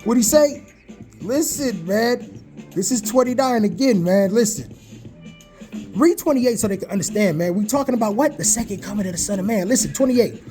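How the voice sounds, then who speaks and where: Excitable man preaching over faint music. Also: high voice, normal speed. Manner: excitable, preachy, keeps saying "man" and "listen". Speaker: online preacher reacting to news videos. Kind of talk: live video reaction with scripture reading.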